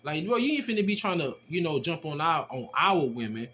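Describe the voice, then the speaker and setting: A man casually telling a personal testimony, animated and slangy, with rough language as he acts out the exchanges he describes. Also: on the high side, brisk, a little hiss or hum. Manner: animated, slangy and profane, acting out quoted exchanges. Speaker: storyteller giving a personal testimony.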